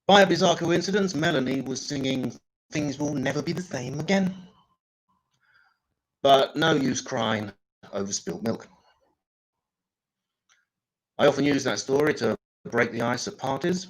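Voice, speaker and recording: A man doing improvised stand-up comedy, deadpan with bursts of loud mimicry. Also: medium pitch, normal speed, low-quality recording.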